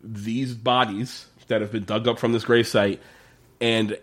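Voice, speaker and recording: A man's voice: fairly low pitch, level tone, a little slow, fairly bright tone. A man in casual podcast chat, recapping a TV episode with lots of swearing and laughter, acting out the characters' lines. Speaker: podcast co-host.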